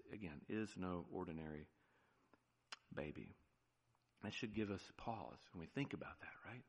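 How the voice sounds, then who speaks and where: A man with an American accent, a pastor preaching a sermon with emphatic swings between loud declarations and hushed low phrases, often asking "right?". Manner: asks the congregation "right?" often. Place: church sanctuary. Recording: long church reverb.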